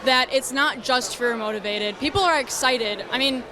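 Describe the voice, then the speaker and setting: A woman's voice: high-pitched, normal speed, noisy background. A woman in her twenties giving an eager, earnest street interview outdoors. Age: 20s. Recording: street interview with a crowd behind.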